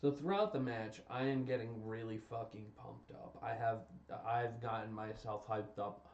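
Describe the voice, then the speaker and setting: A young adult man on stream rants casually and emphatically, repeating himself as he vents his exasperation. His medium-pitched, darkish voice moves at a normal speed from far off the mic, in roomy, dull lo-fi stream audio.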